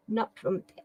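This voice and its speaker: A woman's voice: highs cut off, a little hiss or hum. A woman hosts a casual live quiz. She reads questions aloud, stumbles over words, and chats with viewers by name. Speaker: live stream quiz host.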